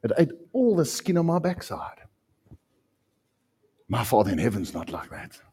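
South African male pastor, husky mid-range voice, impassioned sermon delivery. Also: mid-range voice, wildly swooping pitch, normal speed. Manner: impassioned preaching, swinging from loud to hushed.

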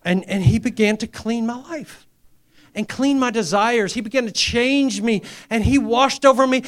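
A middle-aged male pastor preaching a testimony sermon, dropping to near-whispers and rising to loud, emphatic lines, acting out quoted dialogue. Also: very high voice, moderate pace. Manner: acts out quoted dialogue in a raised voice.

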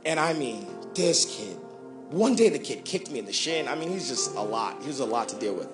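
A young man preaching a sermon, shouting and half-singing at his peaks, then dropping into quick, quiet joking asides. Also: mid-range voice, sing-song, roomy sound, over music. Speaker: pastor.

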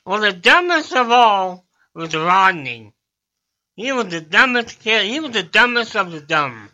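Slow, bright-voiced man telling jokes. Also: sits high, sing-song, low-quality recording. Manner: drawn-out joke delivery with character voices. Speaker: guest comedian. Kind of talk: telling jokes in a studio chat. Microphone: studio microphone.

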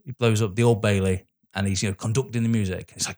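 An Englishman in his thirties co-hosts a podcast, ranting animatedly about a film in casual chat and laughing often. His voice is lowish and a little mellow, and he talks fast with hardly any pauses.

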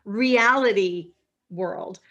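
A woman's voice: mid-range voice, drawn-out words, pushed and bright, highs cut off. A woman host from New York interviewing a guest, chatting easily, laughing often and reading passages aloud from the guest's book. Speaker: podcast host.

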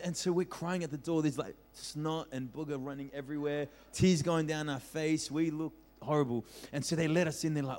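A young man preaching as a pastor, telling a childhood story with lively acted-out voices and frequent laughter. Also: on the high side, brisk, hardly any pauses. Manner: animated storyteller, acts out voices, laughs often. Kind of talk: storytelling sermon. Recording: reverberant hall.

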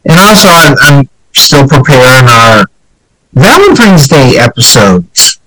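A man's voice: mid-range voice, sing-song, pushed and bright, no echo, rough recording. Dry-voiced male podcast host with the flu. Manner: halting, many fillers and restarts. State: fighting the flu. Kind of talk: casual chat.

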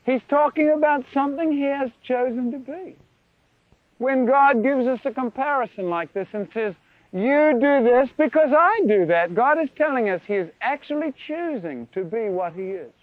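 A man with a high, light voice preaches with wonder, turning often to his listeners with questions. The sound is dry and tinny, like an old phone-line tape. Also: normal speed, dry recording. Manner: animated, wondering, leans into questions to the audience. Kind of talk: sermon.

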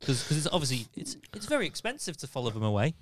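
A man's voice: mid-range voice, big pitch swings, very fast, crowd noise. A man chatting casually as a podcast guest, sharing football stories and singing bits of old tunes. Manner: chatty, sings snatches of football songs. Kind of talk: casual chat.

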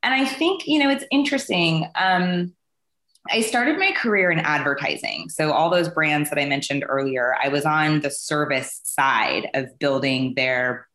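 Low-voiced chatty woman in a roomy space. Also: unhurried, fairly bright tone. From California. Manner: chatty, rambling with many fillers. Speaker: company CEO, podcast guest. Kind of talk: casual interview chat.

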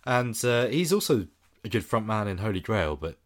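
A man casually chatting about a film as a podcast co-host, enthusiastic, his phrases trailing off low. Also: very animated, moderate pace.

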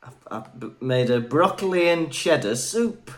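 A man co-hosting a podcast in relaxed, chatty conversation, agreeable and easygoing. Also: on the high side, measured pace. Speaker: podcast co-host. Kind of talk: casual podcast chat.

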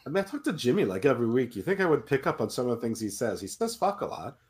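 A man co-hosting a casual chat show over a video call, joking in a wry, deadpan way and swearing casually. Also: mid-range voice, very fast, husky. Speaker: podcast co-host.

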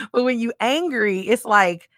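A woman co-hosting a casual faith discussion, animated and acting out little voices, with many fillers. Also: a little high, slow pace, dry recording, studio quality.

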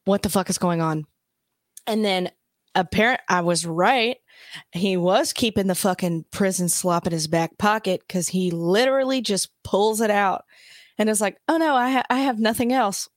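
A woman's voice: mid-range voice, moderate pace, no room sound. Female podcast cohost, profane ranter, dry close mic. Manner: ranting, profane, animated impressions. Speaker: podcast co-host. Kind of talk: casual movie talk.

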